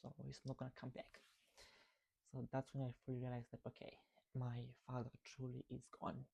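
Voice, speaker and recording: A man's voice: medium pitch, monotone, normal speed, vocal fry, a little mellow, husky, rough recording. A man vlogging, telling a personal story about grief in a reflective, conversational way and often checking in with "right?".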